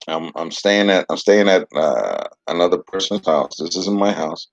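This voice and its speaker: A man's voice: low voice, fairly quick, no echo. A man giving a casual Bible lesson with a puppet, talking in a soothing, patient, rambling way, on a dull, dry lo-fi recording.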